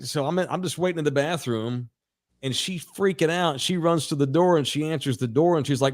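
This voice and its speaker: A man's voice: a little high, brisk. A middle-aged man, a podcast co-host, telling a raunchy story in casual chat with lots of laughs.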